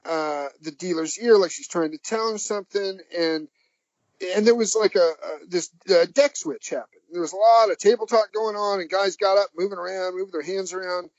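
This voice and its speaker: Man, podcast guest, rambling halting storyteller, chuckles, somewhat high voice, dry muffled lo-fi audio. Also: darkish tone, no room sound. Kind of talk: anecdotal storytelling.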